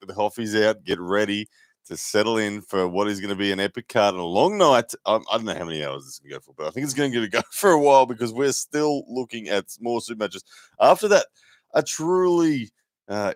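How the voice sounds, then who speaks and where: A man's voice: lowish voice, no room sound, studio quality. A man hosting a live sports commentary stream in a chatty, filler-heavy way. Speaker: host and commentator.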